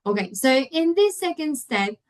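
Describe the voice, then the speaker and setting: A woman's voice: sits high, big pitch swings, normal speed, rough recording. Woman leading an English webinar. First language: Spanish. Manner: explanatory, checks in with audience. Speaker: English teacher trainer. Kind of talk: online teaching webinar.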